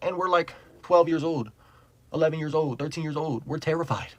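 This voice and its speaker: A man's voice: on the high side, brisk, low-quality recording. A young man telling a casual storytime, rambling and profane, full of "like", laughing as he goes. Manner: rambling, profane, heavy use of "like"; animated, laughs while telling.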